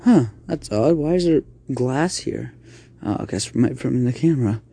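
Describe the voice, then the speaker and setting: A man's voice: medium pitch, expressive, moderate pace, vocal fry, warm tone, husky. A man voicing a worried father in an amateur spoken story, talking hesitantly and rambling a little. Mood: puzzled. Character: worried young father of the house.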